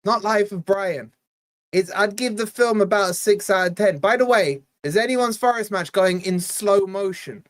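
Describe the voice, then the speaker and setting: A man hosting a football fan channel's live watch-along, bantering casually with his chat and breaking into quick play-by-play commentary. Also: high-pitched, a bit bright, no room sound, studio quality. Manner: chatty, teasing, jumps between quiz talk and play-by-play.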